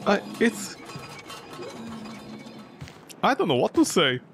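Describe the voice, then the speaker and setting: A man streaming a horror game, excitable and joking as he yelps at what happens on screen. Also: sits high, takes it slowly, gravelly. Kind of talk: let's play commentary. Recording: game music playing behind voice.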